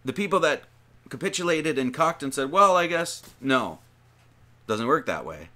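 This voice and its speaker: A man's voice: medium pitch, very animated, moderate pace, bright, forceful tone. A man giving an informal sermon, reading scripture aloud and commenting on it in a conversational way, with frequent restarts and emphatic lists. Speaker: preacher.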